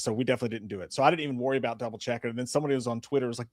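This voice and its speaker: A man's voice: medium pitch, fairly even intonation, rapid-fire, hardly any pauses, dry recording, studio quality. A man co-hosting a live movie show, joking and laughing in casual chat.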